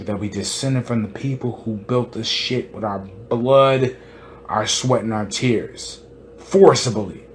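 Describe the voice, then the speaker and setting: Emphatic man with a low voice. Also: a little hiss or hum. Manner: emphatic, repeats points for stress, rhetorical questions. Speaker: podcast host. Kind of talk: impassioned monologue.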